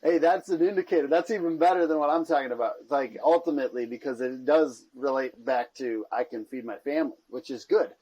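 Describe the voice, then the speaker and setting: A man's voice: mid-range voice, fast talker, few pauses, dark tone, dull audio. A man hosting a podcast in casual chat, rambling with lots of "like" and "you know what I mean". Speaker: podcast host.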